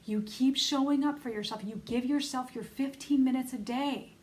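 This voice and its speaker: A woman's voice: high-pitched, moderate pace, darkish tone, slight background noise, poor audio. A middle-aged woman giving an earnest, encouraging self-help coaching talk, speaking straight to her listeners. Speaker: self-love coach leading an online bootcamp.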